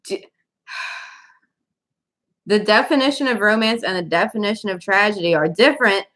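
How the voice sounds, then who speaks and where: A woman's voice: medium pitch, moderate pace, fairly bright tone. A young woman from Louisiana hosting a casual livestream, chatting laid-back with viewers and answering their comments. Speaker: livestream host, writer.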